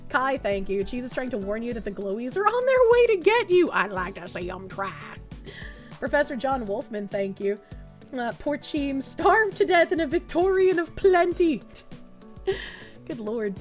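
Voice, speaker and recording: A young adult woman streaming, chatting loosely through casual reaction commentary, swearing freely and reading chat messages aloud. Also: a little high.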